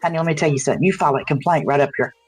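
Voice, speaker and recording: A woman's voice: deep voice, racing, natural voice. A woman doing a comedy skit as a sassy, blunt older customer service lady with a drawl.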